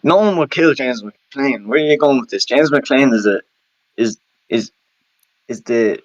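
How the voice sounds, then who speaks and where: A man's voice: mid-range voice, animated, a little slow, dry recording, muffled recording. Opinionated young Dublin man, dry sound. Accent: Dublin Irish. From Dublin, Ireland. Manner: stubborn, opinionated, stumbling restarts. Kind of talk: casual chat.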